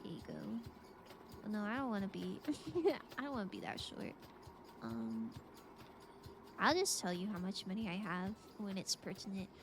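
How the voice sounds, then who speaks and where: A woman's voice: medium pitch, sing-song, normal speed, pauses often, over music. A woman streaming a game, chatting casually with viewers in a playful, giggly way. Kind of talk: casual gameplay chat.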